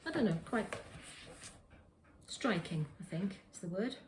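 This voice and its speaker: A woman's voice: mid-range voice, lively intonation, unhurried, echoey room, noisy background. A woman hosting a knitting podcast from her kitchen, chatting casually in a rambling way with many restarts. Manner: rambling, with frequent restarts and self-corrections. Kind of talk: casual show-and-tell chat. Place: home kitchen.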